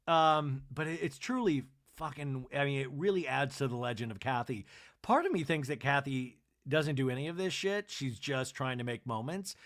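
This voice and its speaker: A man's voice: medium pitch, animated, normal speed, a bit bright. A man hosting a podcast, recapping reality TV in an irreverent, profane and giggly way. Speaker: podcast host.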